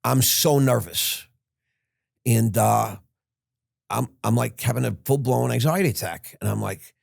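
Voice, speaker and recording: Older guy rambling through a story, lots of restarts, gravelly low voice, dry sound. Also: moderate pace, darkish tone, no echo. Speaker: podcast guest. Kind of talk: casual storytelling.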